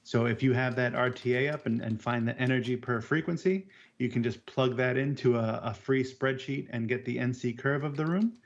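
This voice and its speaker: An AV technician co-host with a gravelly, mid-range voice explains audio gear in casual technical chat, speaking haltingly, restarting words and poking fun at himself. The sound is dull and lo-fi.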